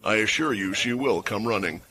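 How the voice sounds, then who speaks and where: A man's voice: lowish voice, moderate pace, sharp tone, a little hiss or hum. A man voicing a dry, smirking old mage who now looks young. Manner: wry, unflappable. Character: ancient male mage in a young body, dry and smug.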